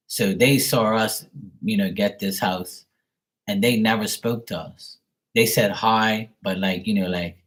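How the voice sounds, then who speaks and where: A man with a fairly low voice tells a personal story in casual talk. He gets heated and profane, and his delivery stays animated. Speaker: livestream host.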